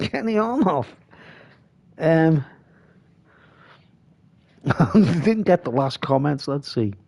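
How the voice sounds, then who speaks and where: A man's voice: on the high side, huge pitch swings, drawn-out words, creaky, pauses often, a little mellow, breathy edge. A man hosting a live stream, rambling casually and reading comments aloud.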